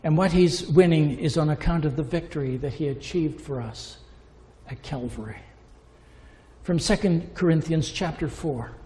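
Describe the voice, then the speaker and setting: High-voiced preacher in a reverberant hall. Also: male voice, a little mellow. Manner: impassioned, rising to emphatic peaks then dropping low. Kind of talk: sermon.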